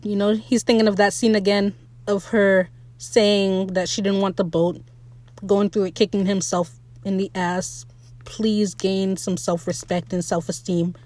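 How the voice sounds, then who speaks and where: A woman giving a casual, opinionated recap of a TV episode, animated and swearing freely, speaking straight to the writers. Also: medium pitch, no echo. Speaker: show recap podcaster.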